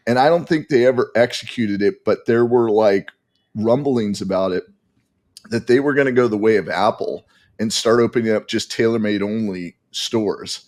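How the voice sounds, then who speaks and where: A man telling animated, rambling stories as a guest in a casual podcast chat. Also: lowish voice. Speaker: golf equipment testing guest.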